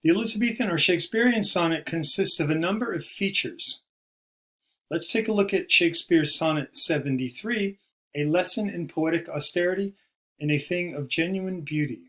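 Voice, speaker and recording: A man giving a recorded poetry lesson, explaining terms in a measured way and slowing down to stress key words. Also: fairly high pitch, pushed and bright. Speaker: poetry teacher. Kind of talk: recorded video lecture.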